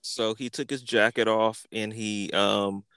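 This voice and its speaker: A man hosting a podcast, telling a comic story in a crude, animated way full of profanity. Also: fairly low pitch, unhurried, background noise. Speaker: podcast host.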